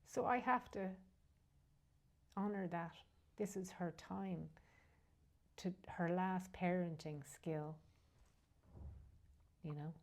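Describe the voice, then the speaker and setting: A woman with a lowish voice speaks slowly and pauses often, appearing as a guest in a candid conversation. She is emotional and frank, heartfelt, sometimes dropping almost to a whisper, and she swears now and then.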